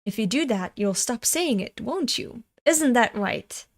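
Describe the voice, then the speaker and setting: Preachy manager type who calls his staff family, slow lecturing delivery as a woman reads him out. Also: on the high side, lively intonation. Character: pushy male restaurant manager preaching family.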